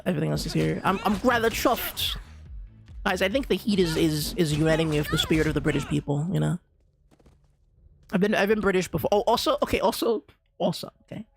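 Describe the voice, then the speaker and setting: Husky and brisk with vocal fry, this mid-range voice belongs to a streamer ranting through a live game. The talk is casual, riddled with restarts and slang, over faint game music on a dry close mic.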